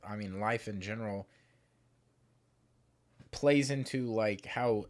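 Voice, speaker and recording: A man's voice: fairly low pitch, takes it slowly, a little mellow. A man hosting a podcast, musing in a loose, reflective way with plenty of "like". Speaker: podcast host. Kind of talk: casual podcast conversation.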